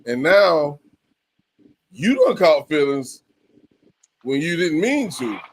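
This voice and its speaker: A man's voice: a little high, big pitch swings, takes it slowly, noisy background. A man co-hosting a casual podcast, talking crudely with an emphatic drawl. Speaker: podcast co-host. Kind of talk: candid casual podcast chat.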